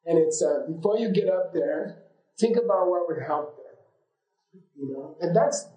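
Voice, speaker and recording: A yoga and meditation teacher leads a class casually, with a slightly high, animated and mellow voice at an unhurried pace. He rambles, drops many fillers, shares anecdotes and laughs easily, in a room with an echo.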